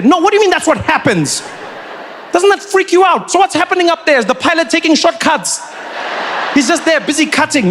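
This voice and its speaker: South African man, high-pitched stand-up comic, animated delivery, faint room ambience behind. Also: a little fast, a little hiss or hum. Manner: animated, acts out other people's voices. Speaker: stand-up comedian. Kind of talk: stand-up comedy routine.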